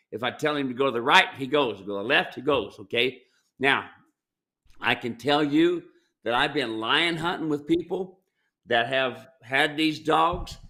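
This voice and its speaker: On his ranch, an American mule trainer and ranch owner fields viewer questions in a casual Q&A advice talk, speaking in a plainspoken, folksy manner. He often wanders off into stories about working cattle. His voice has an ordinary male pitch and sounds bright and slightly tense.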